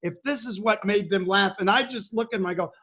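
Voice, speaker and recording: A man's voice: sits high, fairly quick, sharp tone, breathy edge. A man hosting a casual video-call chat with comedians, asking questions and reminiscing. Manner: reminiscing, asks guests questions. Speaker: host.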